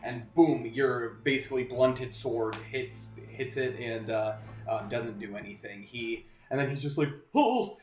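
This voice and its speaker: A man's voice: mid-range voice, fairly even intonation, measured pace, few pauses. Roomy-sounding man running a tabletop game. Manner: loose and rambling, full of "uh" and "like". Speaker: game master. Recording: roomy echo, faint music behind.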